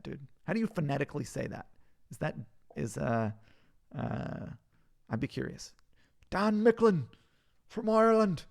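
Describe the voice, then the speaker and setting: A man's voice: mid-range voice, vocal fry, a little mellow. A man hosting a casual live Q&A, reviewing viewers' pages and answering their questions in a loose, jokey, sometimes profane way. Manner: reads questions aloud and reviews pages on screen.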